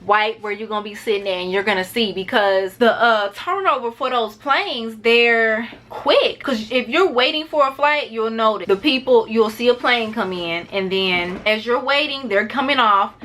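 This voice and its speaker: Speaking in a slightly high, fairly bright voice, a travel vlogger rambles through a relaxed packing video and refers to her viewers as "y'all." Now and then she talks quickly to keep it short.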